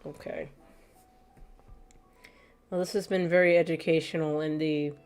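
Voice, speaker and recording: A woman's voice: low voice, fairly even intonation, unhurried, darkish tone, clean tone, faint music behind. A woman streamer in casual, rambling chat with her viewers, a little stuffy from allergies and laughing often. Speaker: gaming streamer.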